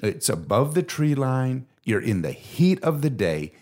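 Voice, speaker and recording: A man's voice: medium pitch, big pitch swings, a little slow, darkish tone. A middle-aged man, co-host of a faith podcast, telling an earnest and emotional personal story.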